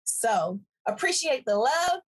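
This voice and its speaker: High-voiced, playful woman podcast host. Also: sing-song, takes it slowly, slightly rough, rough recording. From Washington DC area, US. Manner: playful, laughs often. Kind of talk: casual chat.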